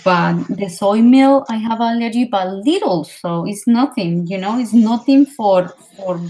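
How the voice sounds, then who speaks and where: A woman from Colombia whose English carries a Colombian Spanish accent. She chats through a vivid story, piling on fillers as she goes. Her speaking voice sits at an ordinary mid pitch. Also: unhurried, low-quality recording. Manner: animated storytelling with many fillers. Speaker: language learner. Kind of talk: casual conversation practice.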